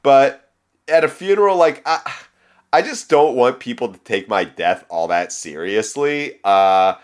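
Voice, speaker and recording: Wry, lively-pitched man co-hosting a podcast. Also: measured pace. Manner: wry, laid-back, opinionated. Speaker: podcast co-host. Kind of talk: casual music podcast chat.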